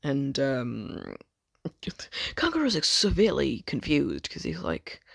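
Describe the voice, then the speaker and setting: A man's voice: mid-range voice, huge pitch swings, takes it slowly, vocal fry, fairly bright tone, dry recording, clean studio sound. A man rambling through a fan story, swearing a lot, cutting himself off and joking about it. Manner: rambling, sweary, self-interrupting, jokey.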